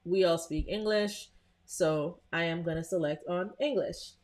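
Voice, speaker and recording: A young woman walks viewers through a screen-share tutorial in a relaxed, conversational way. Her voice sits a little low, and she often restarts a phrase or pauses with an um. She speaks straight to the people watching live. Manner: chatty, talks to live viewers, frequent "um" and restarts.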